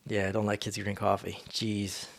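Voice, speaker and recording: A man's voice: on the low side, completely flat delivery, normal speed, gravelly. A man hosting a solo podcast, talking in a rambling, laid-back, slangy way. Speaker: podcast host. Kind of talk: casual solo monologue.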